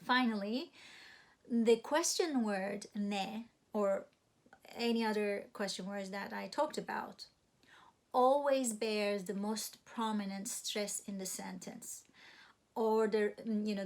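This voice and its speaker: A woman's voice: medium pitch, steady tone. Brief: woman instructor, patient beginner-lesson delivery, frequent fillers and restarts. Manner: patient, explains slowly with many fillers and restarts. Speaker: Turkish language instructor. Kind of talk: recorded online language lesson.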